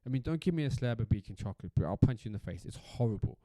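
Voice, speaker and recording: A man's voice: medium pitch, animated, rapid-fire, mellow, no echo. A South African man hosting a solo podcast in a casual, rambling rant, swearing freely and repeating himself for emphasis. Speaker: podcast host.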